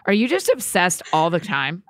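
A woman's voice: lowish voice, huge pitch swings, dry recording, clean studio sound. A woman hosting a podcast who asks a guest curious questions in casual chat. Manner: warm, quick backchannels and curious questions. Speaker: podcast host.

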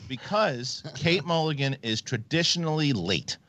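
A man's voice: a little high, animated, unhurried, sharp tone, no room sound. A man hosting a casual live chat, teasing his guests. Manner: teasing, joking. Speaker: host.

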